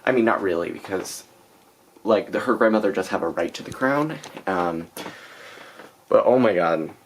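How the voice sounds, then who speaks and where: A woman's voice: rumbling low, lively intonation, normal speed, slight background noise. A young woman chatting casually in a reading vlog, exasperated and full of fillers, recorded on a camera mic. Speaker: book vlogger.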